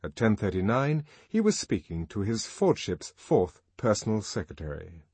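A man narrating a novel in a measured, expressive audiobook reading. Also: on the low side, slightly rough, dry recording. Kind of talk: scripted narration.

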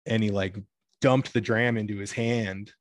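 A man's voice: on the low side, steady tone, measured pace, no echo, clean studio sound. A young man talking in a casual chat, rambling with lots of filler words and free swearing. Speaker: guest.

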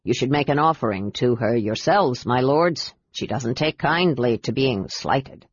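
A woman's voice: a bass voice, expressive, measured pace, slightly rough, dry recording, pitched below the performer's own voice, full character voice. A woman voicing a superstitious, grave middle-aged ship captain in an audiobook, with a dull lo-fi sound. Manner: grave, respectful.

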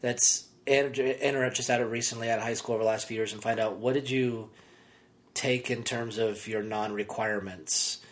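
A man's voice: mid-range voice, fairly even intonation, moderate pace. A man co-hosting a podcast, talking casually with a rambling, sarcastic manner and frequent restarts. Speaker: podcast co-host. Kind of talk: casual chat.

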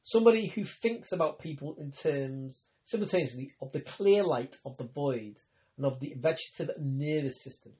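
A man voicing a grave, ironic young woman healer, speaking calmly and teasingly in an audiobook reading. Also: fairly high pitch, moderate pace, natural voice. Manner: calm, teasing, persuasive.

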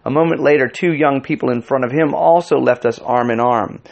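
A man giving a measured, scripted audiobook narration. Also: mid-range voice, vocal fry, dull audio.

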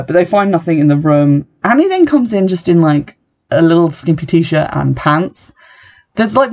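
Gravelly, sardonic movie recapper. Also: medium pitch, dark tone. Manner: chatty and sardonic, heavy use of "like". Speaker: film recap host. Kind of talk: casual spoken movie recap.

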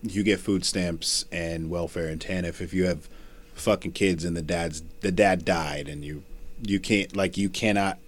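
A fairly low-voiced man talks casually and rambles, cursing freely and restarting his sentences. Faint noise sits behind his voice. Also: steady tone, unhurried. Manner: profane, rambling, restarts often. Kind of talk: casual chat.

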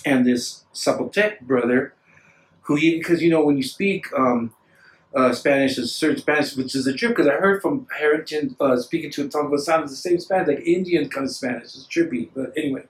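A man telling stories in casual chat, rambling and animated, acting out the voices of people he quotes. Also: on the high side, brisk. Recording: echoey room, distant mic.

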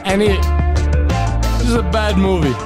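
A man's voice: high-pitched, normal speed, over loud music. A young man hosting a casual podcast game, telling a silly improvised story in a playful sing-song way. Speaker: podcast host.

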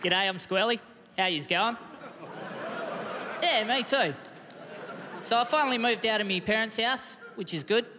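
Australian man, 30s, stand-up comic, high voice, long hall reverb, roaring crowd. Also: normal speed, pauses often, noisy background. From Western Australia. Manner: laid-back, self-mocking storytelling. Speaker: stand-up comedian. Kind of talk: stand-up comedy set. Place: large comedy festival theatre. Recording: reverberant theatre with loud crowd.

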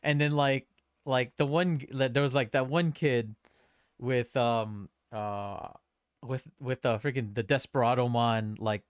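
A young man co-hosting a podcast, telling stories in a rambling, animated way with lots of restarts. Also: mid-range voice, a little slow, smooth, dry recording, clean studio sound. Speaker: podcast co-host. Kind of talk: casual chat.

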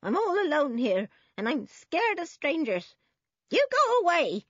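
A woman voicing a frightened, screaming old woman who lives alone, shrill and panicky. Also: very animated, takes it slowly, a bit bright, dry recording, exaggerated voice. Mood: scared. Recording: dull, dry recording.

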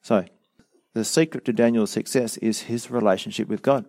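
A middle-aged man preaching a sermon as a pastor, earnest and measured, with a touch of dry sarcasm. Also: on the low side, steady tone, creaky, a little mellow, no room sound.

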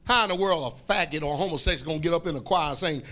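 High, bright-voiced preacher man. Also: animated, fast, hardly any pauses. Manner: preaches with call-and-response, repeats phrases, bursts into shouts. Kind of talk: fiery sermon.

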